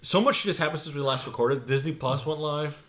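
A man's voice: on the high side, a little fast, a bit bright. A man co-hosting a casual podcast, talking in a dry, teasing way. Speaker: podcast co-host.

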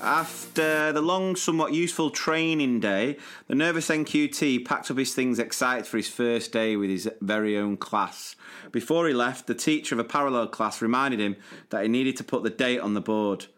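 Guy cohosting a chat podcast, mid-pitched voice, reads stories with playful emphasis. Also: normal speed, fairly bright tone. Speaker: podcast co-host. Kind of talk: casual chat, reading listener stories.

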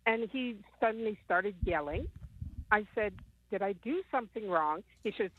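A woman's voice: medium pitch, expressive, moderate pace, dry recording. A woman in her fifties, calling in, telling her story in a rambling way full of ums. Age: 50s. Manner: rambling retelling with many ums. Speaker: caller. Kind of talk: phone-in call. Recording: tinny phone line.

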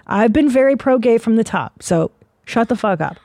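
This podcast host, a middle-aged woman, swears constantly as she rants with blunt sarcasm in a casual conversation. She speaks briskly with a fairly high pitch and a darkish tone, recorded in a studio without echo.

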